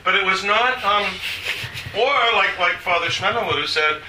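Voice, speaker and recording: An older man giving an informal talk to a small group, rambling and halting with many restarts. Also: high-pitched, animated. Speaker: speaker on church liturgy. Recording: echoey room from far off, faint hiss.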